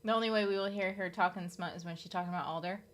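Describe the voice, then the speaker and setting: A woman's voice: on the low side, fairly even intonation, very fast. A young adult woman chatting casually with her stream viewers, loose and teasing, laughing often and swearing freely. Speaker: live streamer.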